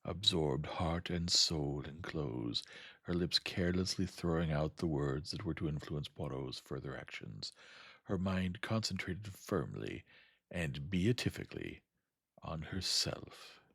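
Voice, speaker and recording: Deep, husky man reading a story. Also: animated, unhurried, a bit bright, no room sound, studio quality. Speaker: audiobook narrator.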